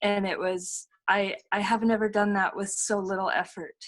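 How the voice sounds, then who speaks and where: A woman's voice: medium pitch, flat delivery, normal speed, fairly bright tone. A middle-aged woman sharing a personal testimony over a video call, earnest and full of fillers and repeated phrases. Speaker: testimonial speaker.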